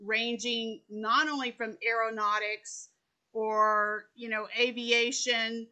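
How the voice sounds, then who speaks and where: Middle-aged woman from south texas on a panel, slow careful talker, bright forceful voice, soft remote mic. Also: a little high, little pitch movement, clean tone. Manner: measured, deliberate speaker who repeats words as she starts. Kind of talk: panel discussion over video call. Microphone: soft remote microphone.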